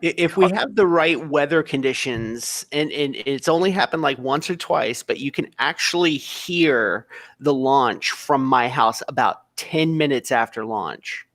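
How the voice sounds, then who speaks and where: A man's voice: mid-range voice, measured pace, fairly bright tone, dry recording. A man in a casual group chat, explaining things with a few restarts. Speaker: guest co-host.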